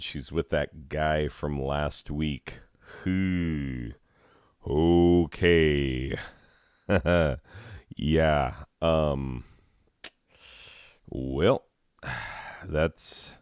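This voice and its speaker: A man's voice: very deep voice, clean tone, no room sound, studio quality. A man hosting a comedy show who also teaches drama, riffing with sardonic, self-deprecating asides.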